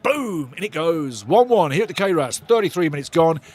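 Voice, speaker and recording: A man hosting a live football watch-along, shouting and swearing excitedly while calling the play and reading out chat messages. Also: fairly high pitch, brisk. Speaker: watch-along host and fan commentator. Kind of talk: live fan match commentary, reading chat.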